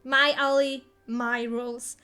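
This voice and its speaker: A woman's voice: fairly high pitch, little pitch movement, slow, sharp tone, smooth, soft background music. Woman doing a bossy nasal girl of twelve. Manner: bossy, scolding.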